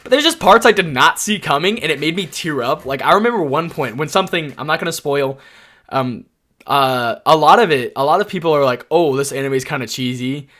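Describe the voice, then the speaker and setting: A young adult man giving casual tier-list commentary, telling rambling, excitable stories padded with lots of "like". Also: a little high, brisk. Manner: excitable, rambling storyteller full of "like". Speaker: anime YouTuber.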